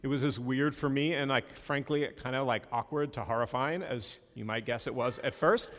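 A man's voice: medium pitch, normal speed, fairly bright tone, long reverb tail. A male pastor giving a sermon in a conversational way, with self-deprecating asides.

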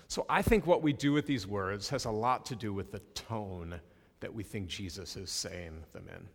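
A man's voice: lowish voice, normal speed, in a large hall. A male pastor giving a sermon in a conversational way, with self-deprecating asides.

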